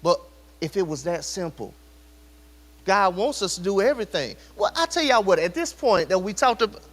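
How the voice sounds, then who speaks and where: A man's voice: high voice, sing-song, normal speed, fairly bright tone. A man preaching a sermon in a church, addressing the congregation directly with repeated rhetorical questions. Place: church sanctuary. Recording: long church hall reverb.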